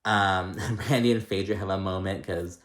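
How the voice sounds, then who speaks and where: Male vlogger, lower register, loose profane gossip tone, recorded in a roomy space. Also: fairly even intonation, moderate pace, fairly bright tone. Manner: chatty and gossipy, heavy "like" and "um", swears freely. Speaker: reality TV recap vlogger. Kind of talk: casual episode recap.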